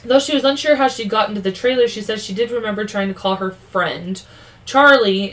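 A woman's voice: mid-range voice, fairly quick, low-quality recording. A woman co-hosting a true-crime podcast, reading the case aloud and breaking off with blunt, profane, snarky asides.

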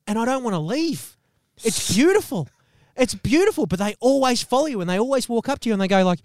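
A man's voice: extremely high pitch, expressive, quick pace, no echo, studio quality. A man co-hosting a podcast, delivering an exaggerated, profane comedic rant with bursts of laughter. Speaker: podcast co-host.

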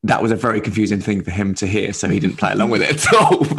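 A man, a stand-up comedian, telling a lively story in casual chat, laughing as he goes. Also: on the low side, fast talker, creaky.

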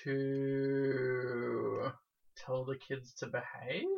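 A woman's voice: extremely low pitch, level tone, drawn-out words, gravelly, husky. A woman co-hosting a casual podcast, adding dry quips and explaining a folk custom, on a dull lo-fi recording. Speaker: podcast co-host. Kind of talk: casual chat.

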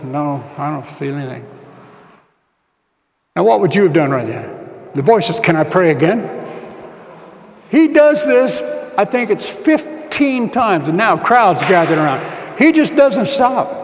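A man preaching a sermon, telling a story with acted-out dialogue and rising to shouts. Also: sits high, big-room sound. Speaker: pastor.

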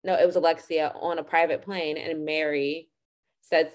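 A young woman co-hosting a podcast in casual chat, easygoing, laughing along and giving quick agreeing replies. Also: low voice, level tone. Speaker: podcast co-host.

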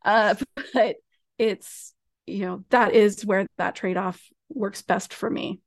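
A woman's voice: medium pitch, fairly even intonation, slow, vocal fry, no room sound, studio quality. A woman professor as a podcast guest, chatting casually and laughing easily.

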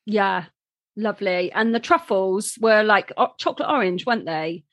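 A woman's voice: mid-range voice, animated, normal speed, a bit bright, no echo, studio quality. A woman co-hosting a podcast, chatty and giggly in casual conversation. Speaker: podcast co-host. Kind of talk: casual chat.

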